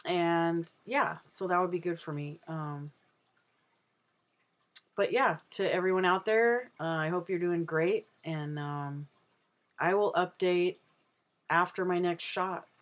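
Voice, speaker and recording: A man's voice: a little high, a bit bright. A trans man talking casually in a personal video diary, rambling and candid with plenty of ums and uhs. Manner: rambling and unhurried, with many ums. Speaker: vlogger.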